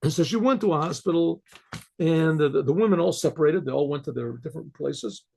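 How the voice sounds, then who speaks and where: Gravelly, halting rabbi telling a story. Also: male voice, on the high side, a little mellow. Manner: halting, many restarts and fillers, clears throat often. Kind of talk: casual spoken storytelling.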